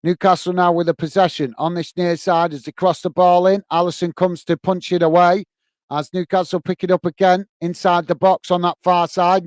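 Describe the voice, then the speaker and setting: A British man with a fairly high, smooth, clear voice runs live fan commentary on a football match. He talks straight to his viewers, calls everyone "mate", and speaks bluntly. The sound is dry and close, with no room around it. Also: no room sound. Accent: British English. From England. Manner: calls "mate" often, blunt and chatty, gets openly irritated.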